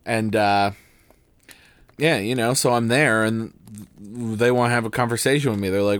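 A man's voice: normal speed, long pauses, clean tone, dry recording. Tired rambling man on a podcast. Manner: tired, rambling, with sudden jumps in pitch and loudness. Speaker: podcast co-host. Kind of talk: comedic podcast banter.

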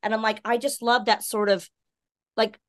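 A woman's voice: fairly high pitch, flat delivery, moderate pace. A woman from Texas and North Carolina hosting a casual video call chat, bubbly and gushing. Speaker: host.

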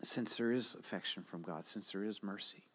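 An older man preaching a sermon, urging his congregation with repeated exhortations that build to loud, emphatic calls. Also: lowish voice, normal speed, husky, in a large hall. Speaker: pastor.

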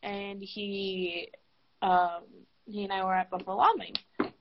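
A young woman co-hosts a podcast, rambling through casual chat and swearing freely while sounding tired. Her mid-range voice is flat and slow, with background noise and a dull lo-fi recording.

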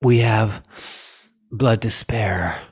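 Dude doing a slow purring alien villain lady, menacing. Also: fairly low pitch, a little mellow, breathy edge, full character voice. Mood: sultry.

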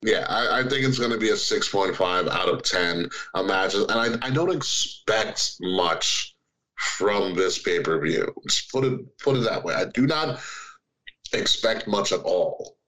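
Male podcast host, lowish voice, relaxed and loose, chuckles a lot. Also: unhurried, slight background noise, poor audio. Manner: laid-back, laughs often, loose rambling. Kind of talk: casual chat.

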